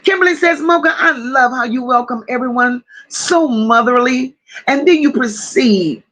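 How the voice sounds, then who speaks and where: A woman hosting a casual livestream, slowly greeting viewers by name and reading their comments aloud. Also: fairly high pitch, animated. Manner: warm drawn-out greetings with endearments. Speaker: livestream host.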